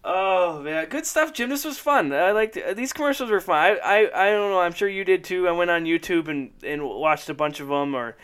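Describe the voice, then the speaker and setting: A man's voice: high-pitched, moderate pace, hardly any pauses, smooth. Upbeat, laughing Midwestern man chatting. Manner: laughs often, rambling, excitable. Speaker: podcast co-host. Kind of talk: casual chat about old commercials.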